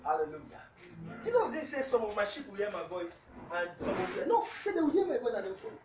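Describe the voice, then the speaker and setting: Over music, a preacher with a medium-pitched, widely swinging voice moves quickly through a sermon, reading scripture aloud and tagging nearly every point with "hallelujah." He quizzes the congregation as he goes. The room is echoey and he sounds distant from the mic.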